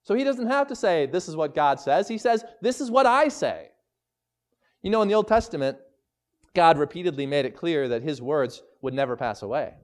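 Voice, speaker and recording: A man preaching a sermon as pastor, emphatic, slowing down to stress scripture quotes. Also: on the high side, lively intonation, darkish tone.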